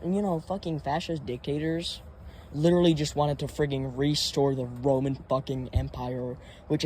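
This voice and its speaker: A man's voice: mid-range voice, darkish tone, slight background noise. A man hosting a reaction commentary video, ranting in an exasperated, profane and rambling way. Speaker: commentary channel host.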